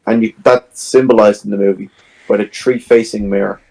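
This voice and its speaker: This podcast co-host has a gravelly, lowish voice and speaks at a fairly quick clip, though the audio is poor. He's animatedly recounting a movie's story in relaxed conversation, performing its scenes as he goes.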